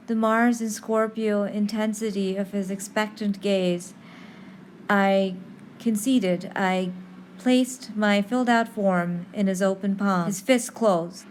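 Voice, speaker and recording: A woman telling a story in an expressive podcast narration, reading dramatically with pauses. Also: mid-range voice. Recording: faint background noise.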